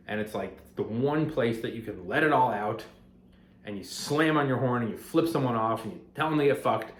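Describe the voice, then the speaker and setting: A man who makes finance videos, talking at home in a rambling, conversational way that grows heated and emphatic. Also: medium pitch. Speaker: finance content creator. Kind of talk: casual talking-head vlog. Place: apartment at home. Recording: roomy echo of a home room.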